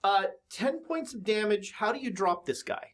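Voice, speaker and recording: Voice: medium pitch, expressive, moderate pace. A game master narrating a tabletop horror game, hesitant, with many fillers and restarts.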